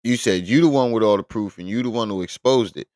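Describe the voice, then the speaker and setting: Blunt exasperated guy hosting a live stream, super low voice, dry sound. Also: fast talker, a little mellow, no echo. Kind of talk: live reaction commentary.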